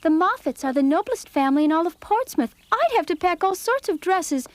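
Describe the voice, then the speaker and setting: A woman voicing Meg, a dreamy and excitable older teenage girl in a dubbed cartoon, who gushes. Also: very high voice, fairly quick, dry recording. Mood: excited.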